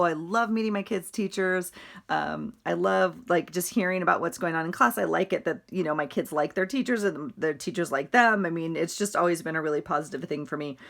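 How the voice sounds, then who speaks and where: Chatty middle-aged woman, lowish voice. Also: creaky. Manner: chatty, rambling, laughs often. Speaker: vlogger. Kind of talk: casual chatty journal walkthrough.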